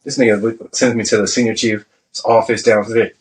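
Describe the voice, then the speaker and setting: A man's voice: lowish voice, brisk, rough recording. A man, a Navy veteran guest, telling stories in a casual, profane way and acting out the people he quotes. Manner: profane, animated, acts out quotes. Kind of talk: casual storytelling.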